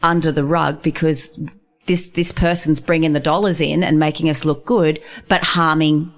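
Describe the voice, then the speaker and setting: A woman's voice: low voice, steady tone, normal speed. A woman speaking as a guest on a radio show about workplace wellbeing, blunt and emphatic in a no-nonsense way. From Australia. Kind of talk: casual radio interview. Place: radio studio.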